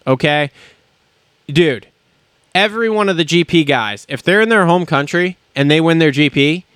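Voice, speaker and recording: A man hosts a motocross podcast and launches into a profane, sarcastic rant. His voice sits a little high for a man. The sound is dry and close, with no room echo. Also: very animated, normal speed, fairly bright tone. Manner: heated, swearing, mocking, sarcastic. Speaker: podcast host.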